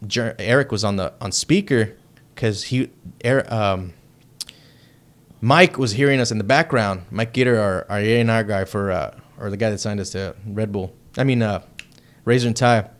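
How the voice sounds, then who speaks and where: A man from Texas, a heavy metal band member, telling a story as a podcast guest in a loose, profane and excitable way. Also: lowish voice, moderate pace. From Texas, United States. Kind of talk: casual storytelling chat.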